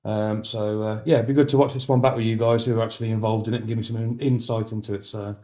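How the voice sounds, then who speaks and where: A man's voice: lowish voice, flat delivery, fast talker, dark tone. A man with a Birmingham accent who rambles and hesitates in good humour as he co-hosts a casual sim racing commentary.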